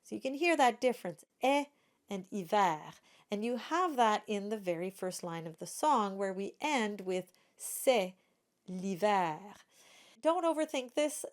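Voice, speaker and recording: A woman singing teacher giving a pronunciation lesson, demonstrating each vowel sound slowly and carefully. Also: a little high, sing-song.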